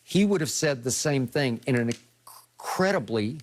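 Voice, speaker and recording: A man's voice: mid-range voice, lively intonation, normal speed. An older man hosting a studio sports debate, making his points emphatically and often checking for agreement. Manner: emphatic, lecturing, rhetorical questions.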